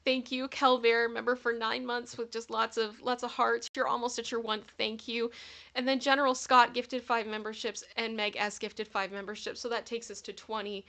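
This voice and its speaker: Woman, livestream host, bright tone, chatty and thankful, casual delivery. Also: fairly high pitch, flat delivery, normal speed. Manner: chatty, thanks viewers by name, gets giggly.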